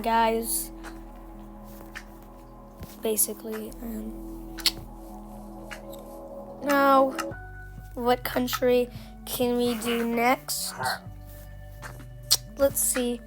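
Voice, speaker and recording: Over background music, a woman offers slow, casual commentary on a game tutorial in a fairly high voice with little pitch movement. She's playful and pokes fun at herself, leaning on fillers and letting phrases trail off.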